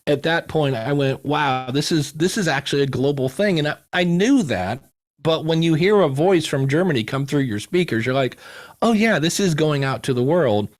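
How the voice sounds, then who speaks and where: Guy chatting as a podcast guest, lively storyteller, does little voices for quotes. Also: a little high, moderate pace. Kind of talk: casual interview chat.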